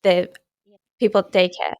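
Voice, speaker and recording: A woman's voice: on the low side, flat delivery, moderate pace, smooth, no room sound, muffled recording. A young woman in her twenties hosting a podcast, asking tentative questions with many qualifiers. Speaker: podcast host.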